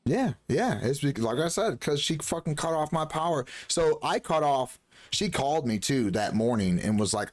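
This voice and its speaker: Streaming a game, this man alternates between relaxed talk and heated, profanity-heavy rants, occasionally imitating others in a shrill, mocking voice. His delivery is expressive and moderately paced.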